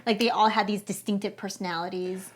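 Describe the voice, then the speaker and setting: Woman co-host, casual and enthusiastic, mid-pitched, loose filler-heavy chat. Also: steady tone, brisk. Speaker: podcast co-host.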